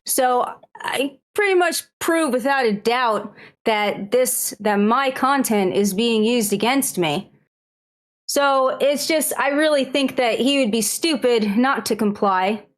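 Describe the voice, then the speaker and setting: A woman's voice: fairly high pitch, takes it slowly. A woman, a guest on a podcast interview, explaining her view in an earnest way. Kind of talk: casual interview.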